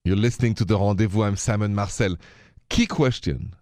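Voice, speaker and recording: A man's voice: lowish voice, fairly quick, no room sound. Emphatic male radio host, dry studio sound. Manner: emphatic, advice-giving, lively rhythm. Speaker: radio talk show host. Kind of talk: call-in radio talk. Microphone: studio microphone.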